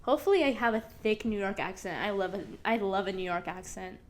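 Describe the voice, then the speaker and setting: A woman's voice: medium pitch, brisk. A young woman hosting her own podcast, rambling casually, swearing and laughing as she goes. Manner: chatty, rambling, swears freely, laughs often. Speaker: podcast host. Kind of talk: casual solo podcast monologue.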